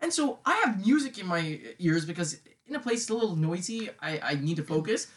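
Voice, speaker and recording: A young man in casual chat, telling animated stories and swearing freely. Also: high voice, a little fast. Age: young adult.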